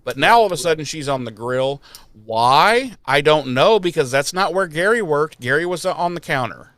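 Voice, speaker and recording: A man with a fairly high, smooth and resonant voice, recorded close and dry. He tells a story casually and animatedly, jumping into mocking voices for the people in it and swearing freely. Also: animated, moderate pace, a bit bright, no echo. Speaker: podcast host. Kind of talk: casual episode recap.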